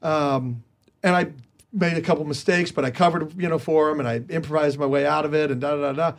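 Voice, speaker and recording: A man as an interview guest, telling stories casually and with energy, jumping higher in pitch when he quotes others. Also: brisk. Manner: animated, jumps higher when quoting others; chatty with many restarts. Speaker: guest comedian.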